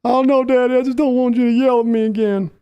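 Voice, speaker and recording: A man's voice: very high voice, fairly even intonation, quick pace, mellow, clean tone, highs cut off, voice pushed up. A man doing a whiny little boy. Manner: pleading, whining. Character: whiny timid young son begging his father.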